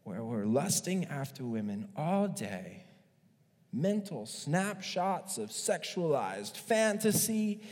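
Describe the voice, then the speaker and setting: A male pastor preaching a sermon in an animated, joking way, acting out stories as he goes. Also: fairly high pitch, takes it slowly, big-room sound.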